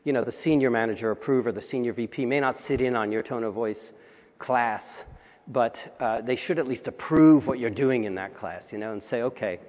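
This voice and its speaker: A man's voice: mid-range voice, moderate pace, darkish tone. A man giving a conversational conference talk with wry asides, recorded in a large hall. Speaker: conference speaker.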